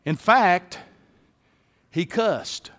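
A high-pitched male preacher who takes his time, dropping to near whispers and then rising to shouts. His voice rings out with a long hall echo, like in a big church. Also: lively intonation, extremely slow. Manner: dramatic, swings from hushed to shouting. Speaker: pastor. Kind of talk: sermon.

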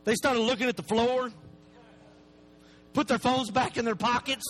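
A man, preaching fast and animated, joking at his own expense. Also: very high voice, faint music behind, poor audio. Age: 40s. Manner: fast-talking, self-deprecating, animated preaching. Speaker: recovery ministry speaker. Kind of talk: sermon.

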